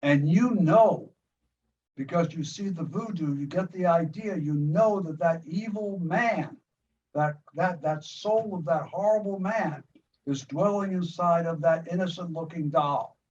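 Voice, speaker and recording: An older man from the United States with a fairly high voice tells a story about making a film in animated detail. He keeps restarting and repeating words as he goes. He sounds distant and muffled, with faint hiss in the background. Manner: retells scenes vividly, with many quick restarts and repeated words. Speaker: filmmaker being interviewed.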